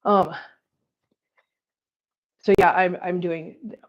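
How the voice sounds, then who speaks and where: A female cat-channel host chats casually and unscripted on a live stream while cleaning, overheated and short of breath, cooing at her pets in baby talk. Her voice is lowish with fairly even intonation and drawn-out words, and the audio is slightly muffled.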